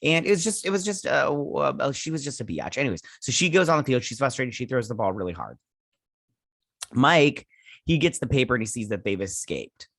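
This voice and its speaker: A man retelling an episode in a loose, chatty way. He fills his sentences with "uh" and "like" and throws in sassy side remarks. His voice sits at an ordinary middle pitch and sounds close and dry, with no room around it. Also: lively intonation, fairly quick, a bit bright, no room sound. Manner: rambling, filler-heavy, sassy asides. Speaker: show reviewer, host. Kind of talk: casual episode recap and review.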